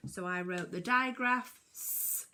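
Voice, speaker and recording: A woman teaching a phonics lesson to young children, sounding out words slowly and emphatically. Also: fairly low pitch, bright, forceful tone. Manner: slow, sing-song, emphatic sounding out of words. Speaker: primary school teacher. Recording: echoey room.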